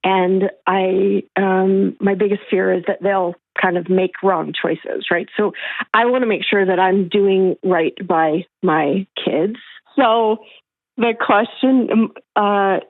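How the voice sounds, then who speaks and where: A woman's voice: medium pitch, fairly even intonation, takes it slowly, no room sound. A woman calling in to an advice show, speaking hesitantly with many fillers. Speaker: caller. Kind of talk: call-in question. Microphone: telephone. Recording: tinny phone line.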